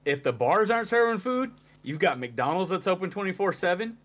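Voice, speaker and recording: A man from Texas, a guest on a podcast, chatting casually with short, relaxed reactions. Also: high-pitched, a little fast, a little hiss or hum. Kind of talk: casual chat.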